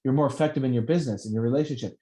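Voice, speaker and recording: Brief: man, warm mellow tone, swearing, animated pep-talk chat. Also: mid-range voice, racing, poor audio. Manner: profane, animated, self-help pep talk. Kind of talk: casual motivational chat.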